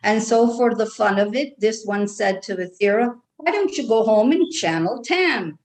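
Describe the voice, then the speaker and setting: A woman speaking as a trance channel with an Irish brogue, talking slowly and soothingly for a group of guides. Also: fairly high pitch, lively intonation, a little mellow, poor audio.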